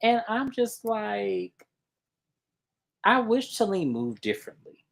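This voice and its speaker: A man co-hosting a casual reality TV recap, telling the scenes in an animated way and acting out what the cast said. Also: sits high, slow, gravelly. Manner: animated storyteller who acts out quotes.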